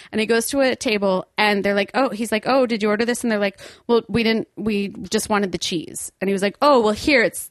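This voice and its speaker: A woman's voice: medium pitch, no echo. Laughing storyteller woman, dry sound. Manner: animated, laughs often while telling stories. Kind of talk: casual storytelling chat.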